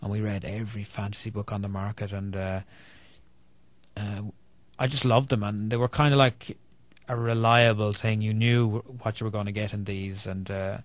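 Irish author guy chatting, jokey and laughing a lot, lowish voice. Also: flat delivery, normal speed, no echo. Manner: chatty, self-deprecating, laughs often. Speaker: children's author, interview guest. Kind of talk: casual interview chat.

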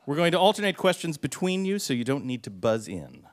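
A man's voice: a little high, a little fast. A man running a quiz game, explaining the rules and reading clues with dry jokes. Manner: dry, jokey, animated delivery. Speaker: quiz master.

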